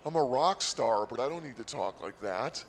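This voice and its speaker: A man's voice: mid-range voice, animated, moderate pace. A man hosting a comedy podcast, rambling sarcastically and mock-boastfully about his day at a casino.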